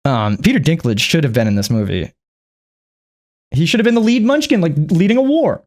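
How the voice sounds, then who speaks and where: A man's voice: fairly high pitch, expressive, brisk, darkish tone. Profane, rambling man ranting about a film. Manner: rambling, profane, jumps into mock impressions. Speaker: youtuber reviewing a film. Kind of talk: casual comedic movie rant.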